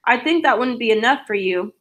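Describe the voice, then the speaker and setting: An aggrieved middle-aged sister who snaps back, read out by a woman. Her voice sits a little high. It sounds like a storybook read aloud. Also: animated, a little fast, fairly bright tone. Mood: snappish.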